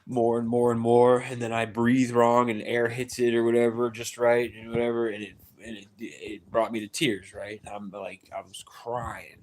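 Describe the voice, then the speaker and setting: A man on a live stream, rambling through a story with many restarts and tag questions, getting louder and higher as he gets worked up. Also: normal speed, hardly any pauses. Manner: rambling, repeats "right?" and "dude", many restarts; grows loud and high-pitched when excited.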